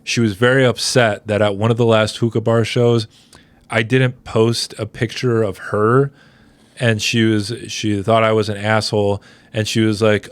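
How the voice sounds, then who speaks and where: A man's voice: lowish voice, flat delivery, moderate pace, no echo. Man, comedy podcast co-host, casual chat, rambling storyteller.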